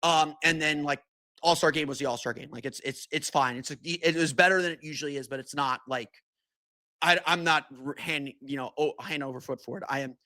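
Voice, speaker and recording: A man's voice: a little high, brisk, sharp tone, no echo. A man hosting a solo sports podcast, talking casually with many restarts and fillers. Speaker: podcast host.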